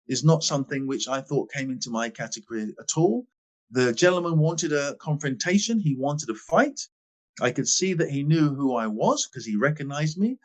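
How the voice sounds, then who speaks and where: A man in his sixties from England, a guest in a podcast interview, telling stories with emphatic stress and quiet asides. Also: a little high. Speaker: guest, former footballer. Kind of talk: animated storytelling in a podcast interview.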